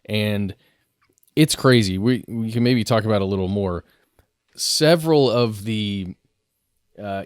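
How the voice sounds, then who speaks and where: A man's voice: fairly low pitch, expressive, a little slow, smooth, no room sound, studio quality. A man co-hosting a podcast, speaking casually and restarting his sentences as he goes. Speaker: podcast co-host. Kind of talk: conversational podcast banter.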